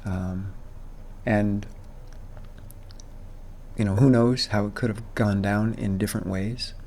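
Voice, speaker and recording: A man's voice: lowish voice, fairly even intonation, slow, a little mellow, a little hiss or hum. Man vlogging with a swollen cheek. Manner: reflective, candid, chats to camera while doing chores. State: swollen cheek after oral surgery. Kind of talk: casual vlog narration. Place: outdoors and around a house under renovation.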